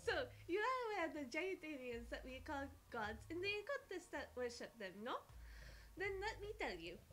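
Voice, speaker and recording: A woman's voice: high-pitched, big pitch swings, a little fast, fairly bright tone. Marie Peanut Butter, a young woman putting her on. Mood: hammy. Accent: put-on French. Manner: playful, grandly storytelling. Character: theatrical French woman heading an occult school. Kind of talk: reading game dialogue aloud.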